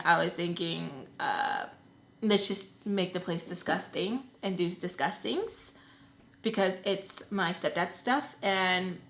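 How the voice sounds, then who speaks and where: A woman's voice: mid-range voice, gravelly. Chatty young woman telling a story. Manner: chatty, animated, lots of "like" fillers. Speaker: storytime vlogger. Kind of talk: casual storytelling. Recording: roomy echo.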